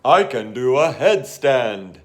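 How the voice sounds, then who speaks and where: A man voicing a lonely male bear in a children's storybook reading, speaking loudly and melodramatically. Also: mid-range voice, very animated, slow. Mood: eager. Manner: loud, melodramatic, pleading.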